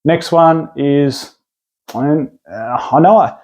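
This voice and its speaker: Mellow-voiced Australian man, rambling. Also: a little high, slow, dull audio. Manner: rambling, enthusiastic, lots of restarts and fillers. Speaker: card collecting video host. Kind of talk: casual product rundown.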